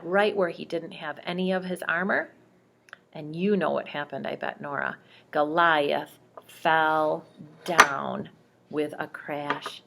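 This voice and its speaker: A woman gently tells bedtime bible stories to a child, speaking straight to her young listener. Her voice sits a little low and moves slowly, with a gravelly edge. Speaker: storyteller reading to a child.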